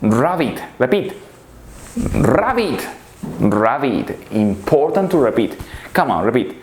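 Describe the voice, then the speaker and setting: Slow, playful man teaching animal words. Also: medium pitch, sing-song, darkish tone, roomy sound, a little hiss or hum. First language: Spanish. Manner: slow, repetitive, makes playful animal noises. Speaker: English teacher. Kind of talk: children's vocabulary lesson.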